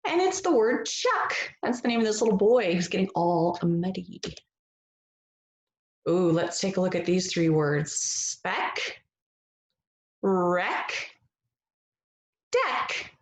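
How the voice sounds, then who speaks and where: A woman reading a picture book aloud as a phonics lesson, gentle and encouraging, stretching out the vowel sounds. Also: on the low side, expressive, normal speed, reverberant. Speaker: reading teacher.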